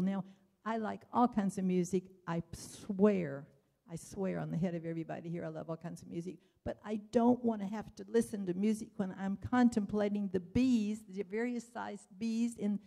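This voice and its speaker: A woman's voice: mid-range voice, gravelly, warm tone. An older woman giving rambling, chatty public testimony at a hearing, full of wry asides.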